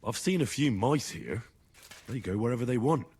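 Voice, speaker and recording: A skeptical young man for a story game, speaking with a dry edge. His voice is husky and moves around a lot in pitch. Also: animated, moderate pace, darkish tone.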